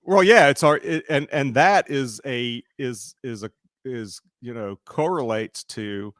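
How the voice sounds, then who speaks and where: A man's voice: medium pitch, fairly bright tone, no room sound, clean studio sound. A middle-aged man hosting a casual chat, rambling and hesitant with blunt swearing.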